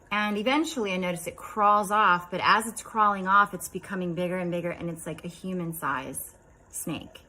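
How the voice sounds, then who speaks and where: A woman in her fifties casually recounting a strange dream, chatty and rambling, dropping into quiet asides. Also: fairly low pitch, normal speed, low-quality recording. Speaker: vlogger.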